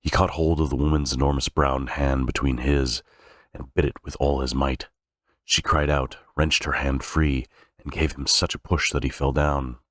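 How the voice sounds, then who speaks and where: A man sight-reading a novel aloud, halting now and then with slips and restarts. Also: a bass voice, level tone, fairly bright tone, no room sound, clean studio sound. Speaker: reader.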